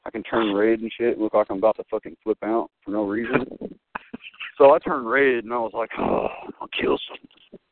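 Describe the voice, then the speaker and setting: A young man, a guest, telling rambling, profane, excitable stories full of fillers. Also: fairly low pitch, fairly quick, slight background noise. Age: young adult. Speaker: wrestling guest. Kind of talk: rambling storytelling. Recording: dry, tinny phone-like line.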